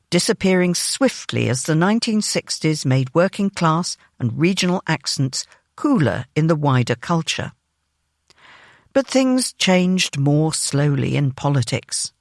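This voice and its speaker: A narrator reading a written news feature aloud in a measured, even way, recorded on a close studio microphone. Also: medium pitch, no room sound.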